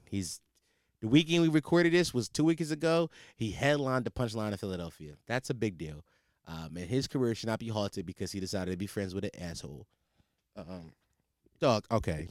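A man's voice: fairly low pitch, no room sound, clean studio sound. A man hosting a podcast, ranting in a profane, comedic monologue with frequent restarts. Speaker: podcast host.

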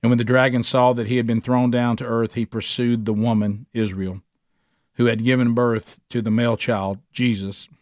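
A man's voice: medium pitch, level tone, a little mellow, no echo. Emphatic male Bible study preacher. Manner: emphatic preaching, slowing down for weight and speeding up when fired up. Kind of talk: sermon to a men's Bible study.

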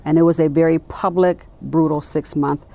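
Gravelly, low-voiced woman telling stories. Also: moderate pace, slight background noise. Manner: animated storyteller acting out quoted dialogue. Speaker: interview guest, sports executive. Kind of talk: conversational interview.

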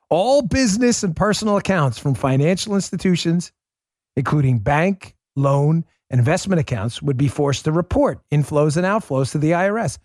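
A man's voice: fairly high pitch, expressive, normal speed, darkish tone, dry recording, clean studio sound. Sarcastic man hosting a commentary show. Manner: sarcastic, emphatic, talks straight to listeners. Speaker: show host.

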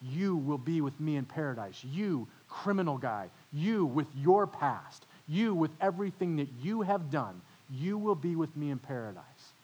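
A man's voice: on the high side, very animated, normal speed, few pauses, a little mellow, husky, lo-fi sound. A male pastor preaching a sermon in a church, retelling a story dramatically. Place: church with overflow room.

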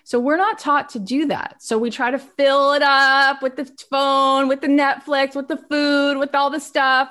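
A woman giving an expressive, animated motivational talk on personal growth. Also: high-pitched, a little slow, hardly any pauses. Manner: expressive, acts out little scenes.

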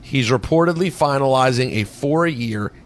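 A man hosting a sports talk show, teasing his co-host in quick casual banter. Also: medium pitch. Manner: teasing, quick back-and-forth.

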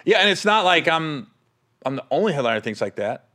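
A bright, forceful male comedian swapping tour stories in a loose, casual chat. His voice sits a touch high for a man, and he breaks into laughter and quick impressions of the people he describes. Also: big pitch swings. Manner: laughs often, acts out voices of others. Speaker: touring stand-up comedian.

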